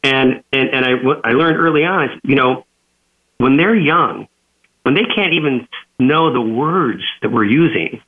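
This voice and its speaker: A man's voice: mid-range voice, a little slow. A man from California, a guest author on a radio interview, telling stories animatedly and acting out the dialogue he quotes. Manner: animated storyteller who acts out quoted dialogue. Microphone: phone line. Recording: tinny phone line.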